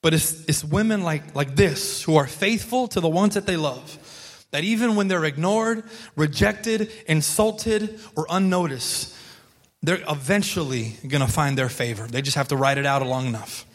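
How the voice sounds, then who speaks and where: A male pastor delivers a sermon in a casual, storytelling tone, driving points home through repetition. His voice sits high for a man. The sound rings with a long reverb, as from a large hall. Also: normal speed. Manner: conversational storytelling, emphatic repetition.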